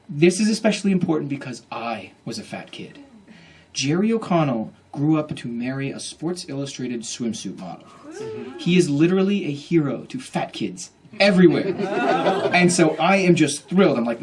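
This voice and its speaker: A man telling a comic story to a live bookstore audience, animated and acting out other people's voices. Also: mid-range voice, normal speed, husky. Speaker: author at a bookstore reading. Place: bookstore event room.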